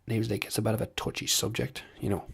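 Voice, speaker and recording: Man putting on a gravelly Northern Irish rambler. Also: fairly low pitch, flat delivery, rapid-fire, a bit bright, exaggerated voice. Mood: rambling. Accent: Northern Irish (put on). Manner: rambling, tangent-prone, sweary. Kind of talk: comic accent impression monologue.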